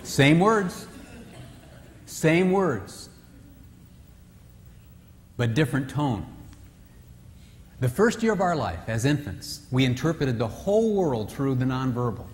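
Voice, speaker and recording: Here a mid-range, very animated voice moves slowly with long pauses, over a little hiss or hum. The man is joking through a talk on marriage at a retreat, playing quoted spouses in raised voices, recorded distantly in an echoing hall with faint ambience.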